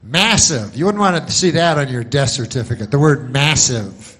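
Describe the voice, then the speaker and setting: A man doing a stand-up comedy monologue, deadpan and rambling through long setups. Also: medium pitch, moderate pace.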